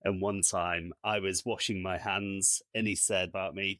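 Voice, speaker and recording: Deep-voiced man recounting film scenes. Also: level tone, unhurried, sharp tone, no echo, studio quality. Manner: chatty storyteller, recounts scenes step by step. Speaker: podcast co-host. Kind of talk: casual film-review chat.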